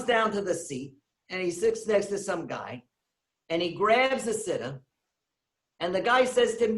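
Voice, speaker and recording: Animated man telling a story, echoey hall. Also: sits high, measured pace, pauses often. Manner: animated storyteller acting out voices, laughs at his own jokes. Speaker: speaker giving a synagogue lecture. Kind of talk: lecture with a retold comic story. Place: synagogue hall.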